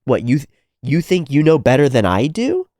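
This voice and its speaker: A man's voice: mid-range voice, huge pitch swings, normal speed, darkish tone, no echo, clean studio sound, pitched above the performer's own voice. A man putting on the voice of a sneering young warrior who taunts his comrades with contempt. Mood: mocking. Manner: mocking, contemptuous.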